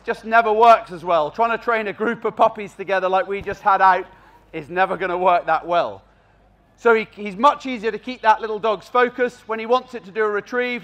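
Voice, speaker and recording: High-voiced man giving a lively dog-training demonstration. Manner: expressive and animated, acts out calls to the dogs. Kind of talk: live demonstration commentary to an audience. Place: outdoor country fair arena.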